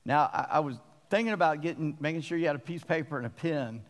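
A man's voice: a little high, fast, long reverb tail. A man preaching a sermon as a pastor, folksy and self-deprecating, telling stories between verses.

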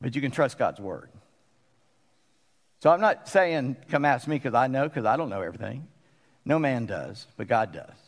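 A man preaching a sermon as pastor, folksy and conversational, with emphatic pauses. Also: mid-range voice, big pitch swings, long reverb tail.

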